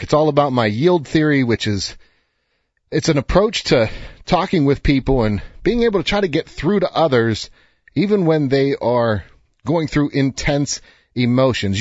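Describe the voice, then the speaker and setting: A man's voice: medium pitch, dry recording, lo-fi sound. A man around fifty, an author giving an earnest, encouraging motivational talk with loose fillers. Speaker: author and speaker. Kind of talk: motivational direct-to-camera talk.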